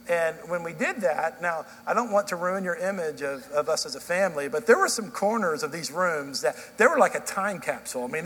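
A man's voice: on the high side, a bit bright, a little hiss or hum. A middle-aged man preaching a sermon as pastor, telling stories in a conversational way with frequent restarts. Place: church sanctuary. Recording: long reverb in a large hall.

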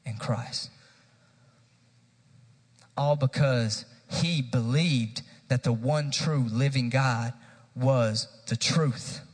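Husky preacher in a reverberant hall. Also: male voice, mid-range voice. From Tennessee, USA. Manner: energetic preaching, addressing the congregation directly. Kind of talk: sermon. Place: church sanctuary.

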